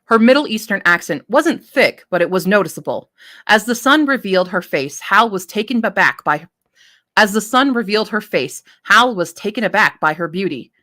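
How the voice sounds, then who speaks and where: A woman's voice: mid-range voice, animated, moderate pace, bright, forceful tone. A woman reading her own story draft aloud, stopping to reread and correct lines.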